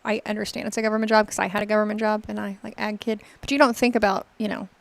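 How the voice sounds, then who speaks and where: A woman co-hosting a morning talk show, chatting casually in a quick, teasing, self-deprecating way. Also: medium pitch, flat delivery, vocal fry, dry recording.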